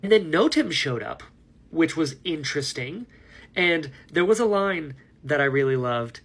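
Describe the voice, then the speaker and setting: Speaking at a measured pace, a man with an expressive, somewhat bright voice on the high side shares his reactions to a book he's reading. It's a casual vlog, and he rambles eagerly while laughing at himself.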